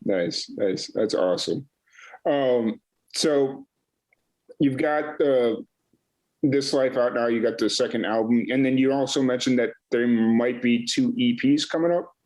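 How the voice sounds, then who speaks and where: A man's voice: mid-range voice, a little slow, darkish tone, poor audio. A male podcast host asking casual questions and giving short affirmations. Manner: brief affirming backchannels. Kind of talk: casual interview chat.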